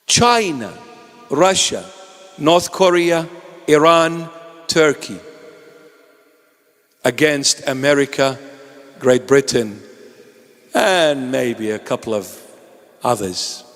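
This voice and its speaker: A man's voice: medium pitch, animated, slow, long pauses, fairly bright tone, long reverb tail. A man preaching a sermon, pleading and impassioned, breaking into joking asides.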